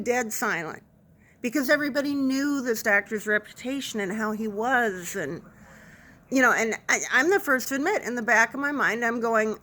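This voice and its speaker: A woman nurse casually telling a funny work story to camera, animated and self-deprecating. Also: on the high side, normal speed. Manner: animated anecdote, self-deprecating, laughs through it.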